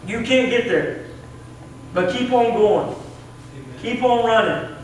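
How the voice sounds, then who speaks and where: Speaking slowly in a very high voice, a young man with a Southern US accent preaches a sermon as assistant pastor, earnest and conversational. He's recorded from a distance in an echoey church sanctuary, with faint hiss.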